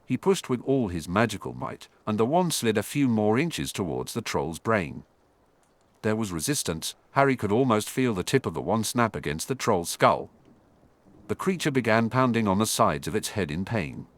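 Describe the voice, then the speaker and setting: Man narrating a fantasy audiobook, lively. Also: on the low side, moderate pace, no room sound.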